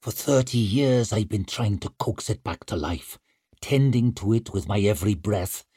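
A man voicing a sour, grim aging chieftain who speaks low and quietly. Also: moderate pace, slightly rough, dry recording, studio quality.

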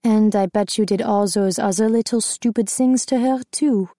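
A manipulative young male dancer hisses his accusations in a low, threatening whisper, as a woman narrator puts him on. He drawls each line slowly and tauntingly, in a mellow, dark tone. The sound is close and dry, with no room around it. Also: steady tone, no echo, lightly acted. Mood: accusing.

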